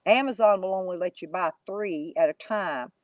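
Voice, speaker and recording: A woman's voice: fairly low pitch, moderate pace, dry recording, highs cut off. A woman, chatting casually to live viewers in a rambling, folksy, mocking way. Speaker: YouTube live streamer.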